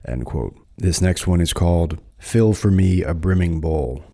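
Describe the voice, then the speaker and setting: An American man with a low voice reads poetry aloud on his podcast. His tone is dark and mellow, and he takes the verses slowly and deliberately between casual explanations. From United States. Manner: measured, slows down to recite verse. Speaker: podcast host. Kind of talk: reading poetry aloud and commenting.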